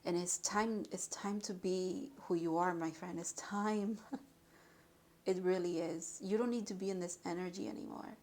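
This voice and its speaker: A woman giving an intuitive spiritual card reading, emotional and halting, with sighs and restarts. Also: on the low side, fairly even intonation, darkish tone.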